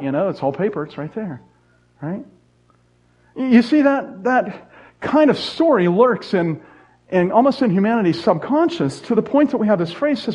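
A man's voice: high voice, very animated, normal speed, a little mellow. Earnest middle-aged male pastor, lo-fi. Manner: earnest, repetitive emphasis with joking asides. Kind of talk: sermon. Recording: dull lo-fi sound.

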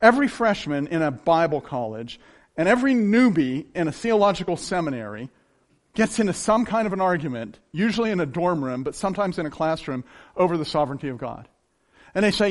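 A man's voice: sits high, very animated, fast. A man preaching a sermon to a congregation, acting out the quoted voices of the people he describes. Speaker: pastor.

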